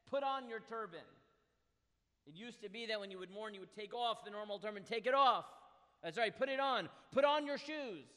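A man's voice: high-pitched, lively intonation, fairly quick, a bit bright. Earnest lecturing man in a reverberant hall. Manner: reads Hebrew verses and translates them aloud; earnest, emphatic explanation. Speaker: Torah teacher. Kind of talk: text study lecture.

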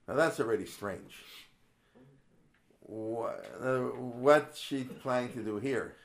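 Speaking a little slowly at medium pitch, this man teaches a Torah text study class in a casual way. He poses many rhetorical questions, reads Hebrew verses aloud, wanders off topic, and restarts his sentences often.

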